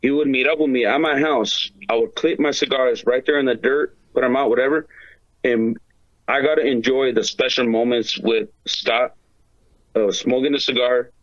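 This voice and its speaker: A man chats loosely as a podcast guest, rambling through stories full of slang, swearing and filler words. His voice sits at an ordinary pitch. The recording is dry and a little dull. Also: steady tone, moderate pace, dry recording. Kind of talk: casual chat.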